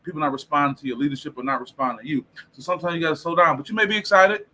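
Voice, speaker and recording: A man from Detroit hosting a livestream, giving a casual motivational talk on tone of voice in an animated way and reading out viewer comments. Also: fairly high pitch, rapid-fire. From Detroit, USA. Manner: animated, preacher-like, reads viewer comments aloud.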